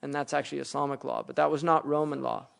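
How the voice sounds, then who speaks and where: A man's voice: mid-range voice, fairly even intonation, fast, creaky. A man giving a religious lecture, explaining Arabic words and verses, often rising into emphatic explanation. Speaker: Islamic teacher.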